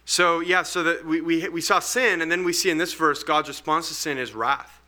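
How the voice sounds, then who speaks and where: A man's voice: on the high side, moderate pace, bright, forceful tone. A man leading a group Bible study, earnest and explanatory, thinking aloud as he teaches.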